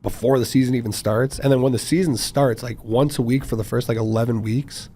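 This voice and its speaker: A man, a former professional football player, chatting casually as a guest in an interview, talking quickly with many fillers. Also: medium pitch, fairly even intonation, warm tone, slight background noise. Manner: quick, rambling, frequent fillers.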